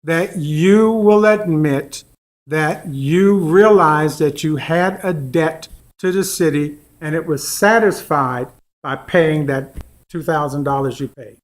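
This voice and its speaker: A man on a city appeals board, questioning an appellant in a measured, formal way. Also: fairly high pitch. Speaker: board member. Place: city council chamber.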